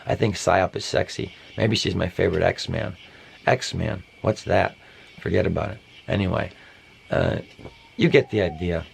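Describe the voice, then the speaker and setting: A man's voice: sits low, a little slow, gravelly, a little hiss or hum. A man hosting a parody podcast, rambling through a satirical monologue with offhand, mock-conspiratorial asides.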